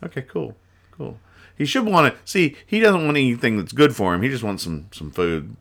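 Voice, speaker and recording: A man hosting a casual podcast where he reads comic strips aloud, talking in a rambling, halting way and laughing at his own explanations. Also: medium pitch, animated, gravelly, fairly bright tone. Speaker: podcast host.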